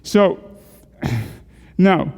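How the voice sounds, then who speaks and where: Drawing out his words in a darkish tone, a middle-aged man talks a group through neck exercises in a church hall. He coaches, questions and jokes with the class, and the room gives his voice a big, open sound.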